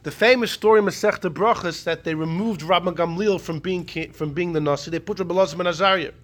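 A man teaching a Talmudic class, animated and repeating his key points. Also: high-pitched, fast. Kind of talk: Talmudic lecture.

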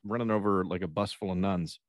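Low-voiced, laid-back man in wry chat. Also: steady tone, fairly quick, dry recording, studio quality. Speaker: podcast co-host. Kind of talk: casual chat.

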